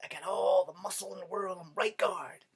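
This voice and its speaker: A man's voice: high-pitched, steady tone, fairly quick, slightly rough, pitched above the performer's own voice. A swaggering deodorant stick brags about its muscle in a slightly raised, bold voice, all cocky trash talk, as a man puts it on. It sounds like a cheeky comic bit from a casual video. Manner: swaggering, profane bragging.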